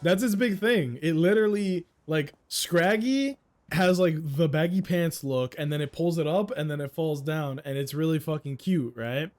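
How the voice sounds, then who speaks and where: A man's voice: fairly high pitch, normal speed, a little mellow, soft background music. Joking, profane man streaming a game. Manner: joking, profane, riffing on game dialogue in mock voices. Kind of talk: casual let's-play commentary with friends.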